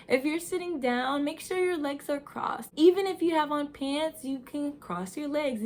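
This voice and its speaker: Instructive young woman vlogger. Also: on the high side. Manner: instructive, addresses viewers as "you guys". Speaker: lifestyle vlogger. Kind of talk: advice vlog talking to camera.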